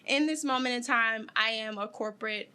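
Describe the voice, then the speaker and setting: Young woman talking openly in an interview, bright voice, lots of ums and pauses, gets emotional. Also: a little high, smooth. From Detroit, USA. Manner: emotional, candid, halting with fillers. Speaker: guest. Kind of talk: personal interview.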